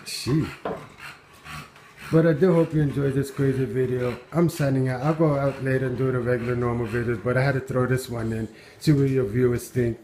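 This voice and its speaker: A man's voice: mid-range voice, steady tone, brisk, warm tone. Guy at home filming his dog on a handheld cam, amused chatter, lots of oh my goodness, mid voice, faint hiss. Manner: amused, exclaiming, chuckling often. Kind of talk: casual running commentary. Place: at home indoors.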